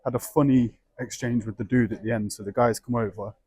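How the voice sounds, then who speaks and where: A young man in casual chat as a travel vlogger and illustrator, rambling and musing aloud in a low murmur at an outdoor café and in city streets. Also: fairly even intonation, a little fast, a little mellow, breathy edge, no room sound.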